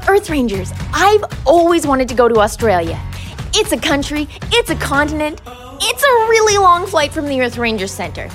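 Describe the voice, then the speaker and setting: Woman, kids' show host, high bright voice, swooping and lively, playful and bubbly. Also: normal speed, soft background music. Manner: bubbly and animated, with comic asides. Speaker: host of a children's wildlife show. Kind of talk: playful scripted presenting for kids.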